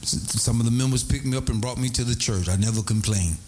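A middle-aged man, a pastor telling a story in a sermon, animated and prone to high excited cries. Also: quick pace, faint music behind.

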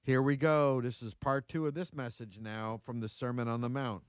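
Smooth-voiced pastor giving a dry invitation. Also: male voice, medium pitch, little pitch movement, normal speed, no room sound. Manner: direct and inviting. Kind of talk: spoken church announcement.

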